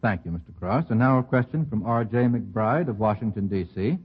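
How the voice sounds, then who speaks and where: A man moderating a 1940s radio quiz show, putting questions to the panel with brisk, amused banter. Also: fairly low pitch, expressive, husky, lo-fi sound.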